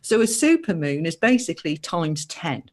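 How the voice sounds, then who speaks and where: A woman who works as a therapist, explaining spiritual ideas on a live show, animated and asking many questions. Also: fairly low pitch, moderate pace. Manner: animated, acts out quoted voices, asks many questions. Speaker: therapist guest.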